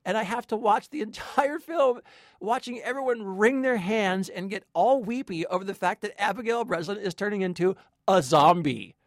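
A man's voice: high-pitched, normal speed, no echo, clean studio sound. A man co-hosting a film review chat, emphatic and sardonic as he tears into a movie. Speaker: co-host.

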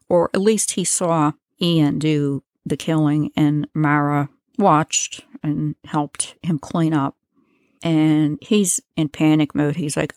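A woman's voice: sits low, slow pace, darkish tone, dry recording, clean studio sound. An American woman hosting a true crime podcast, retelling a case in a casual, chatty way with asides and filler words. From United States. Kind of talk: casual storytelling lesson.

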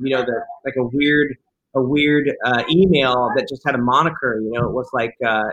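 Fast-talking, bright-voiced man telling a story. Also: mid-range voice, poor audio. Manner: fast, animated storyteller acting out quotes. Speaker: film director, guest. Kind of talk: casual interview storytelling.

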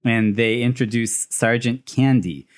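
A man in an easygoing movie chat, his voice sitting at an ordinary middle pitch. He jokes a lot and breaks into laughter often. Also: measured pace. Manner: laughs often, animated and joking. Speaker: podcast co-host. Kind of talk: casual movie discussion.

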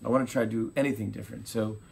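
A man in his forties chats in a casual interview, low-pitched with a gravelly edge. He tells stories with energy, acting out what people said. A faint rumble sits behind him. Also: racing. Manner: animated storyteller acting out quotes, laughing. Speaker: talk show host being interviewed.

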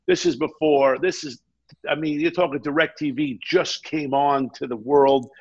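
A man telling a long anecdote in a casual chat, animated and often quoting the people in his story. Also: fairly high pitch, measured pace, husky, muffled recording. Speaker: guest.

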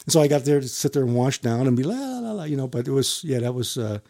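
A firefighter in middle age rambles through a story for an interviewer, stopping and starting, repeating himself and often chuckling. He speaks at medium pitch with a steady, warm tone.

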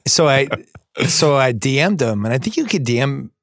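A man's voice: medium pitch, very animated, moderate pace, no room sound, clean studio sound. A man on a podcast, a guest, telling an anecdote in an easygoing, casual way.

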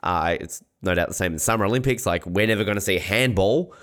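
A man's voice: low-pitched, fast, a bit bright. An Australian man co-hosting a sports podcast, chatting casually and rambling with lots of fillers. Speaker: podcast co-host.

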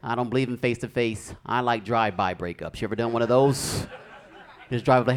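A man's voice: medium pitch, a little fast. A young man doing a stand-up comedy set on a club stage, telling stories and acting out the people in them. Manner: animated storytelling, acting out characters.

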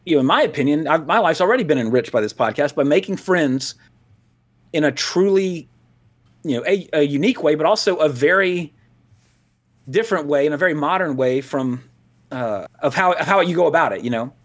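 This podcast co-host, a man from Louisiana, speaks on the high side, expressively and a little quickly. His talk is casual and rambling, wandering off on tangents, with plenty of laughing and restarted sentences.

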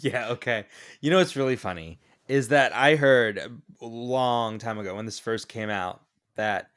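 A man's voice: mid-range voice, a little slow, a bit bright. A young adult man co-hosting a casual movie podcast, teasing his co-host and retelling scenes with jokes. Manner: joking, teasing banter.

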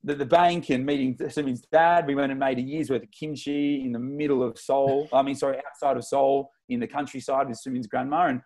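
A man in his twenties from Melbourne with an Australian accent, a podcast guest excitedly telling stories in slangy, casual talk. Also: mid-range voice, fairly quick, few pauses. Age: 20s. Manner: excitable, slangy, tells stories with lots of retold dialogue. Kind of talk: casual interview storytelling.

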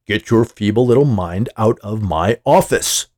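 A man voicing a smug, menacing male company boss who talks in a smooth, condescending way, in a storybook reading. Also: fairly low pitch, lively intonation, a little fast, mellow, no room sound, clean studio sound.

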